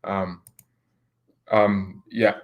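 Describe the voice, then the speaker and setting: A man's voice: sits low, level tone, very slow, highs cut off. A man hosting a football channel, chatting casually as he reads viewer comments, rambling and laughing often.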